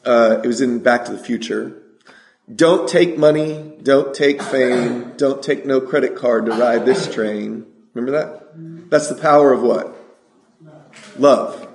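A middle-aged man preaching a sermon, energetic and asking the congregation questions. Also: on the high side, echoey room.

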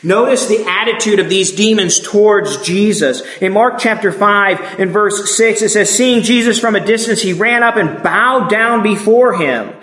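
A man's voice: sits high, normal speed, few pauses, fairly bright tone. A man preaching a sermon, emphatic and asking his listeners rhetorical questions. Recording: echoey room.

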